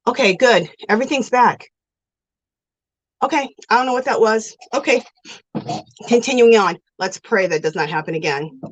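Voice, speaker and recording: A woman's voice: a little high, normal speed, long pauses, no echo, dull audio. A woman hosting a casual crafting livestream, chatty and effusive as she greets viewers and reads their comments aloud, recorded on a phone. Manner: chatty and effusive, calls viewers girl and sweetie. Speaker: livestream host of a yarn crafting show.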